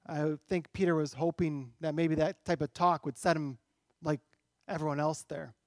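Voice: medium pitch, fairly even intonation, normal speed, no echo, clean studio sound. A pastor preaching a sermon in a church, talking conversationally and asking rhetorical questions.

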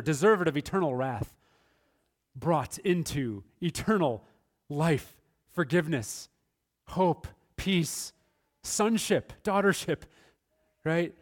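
A man preaching a sermon with a slightly higher-than-average voice. He moves between quiet, hushed passages and loud, emphatic bursts. He addresses his congregation directly as a pastor. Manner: dynamic preaching, swinging between soft and emphatic.

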